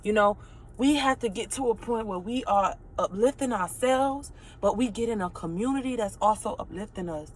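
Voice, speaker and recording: A woman's voice: medium pitch, moderate pace, slight background noise. A woman in her late twenties giving an emotional motivational talk, earnest and preachy, repeating phrases for emphasis. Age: late 20s.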